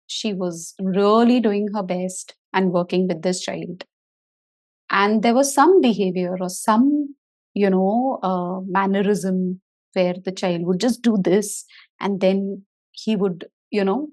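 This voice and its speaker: A woman's voice: mid-range voice, darkish tone. A woman in her forties, a therapist hosting a podcast, telling a story in a reflective, conversational way with many "you know" fillers. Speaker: podcast host and occupational therapist.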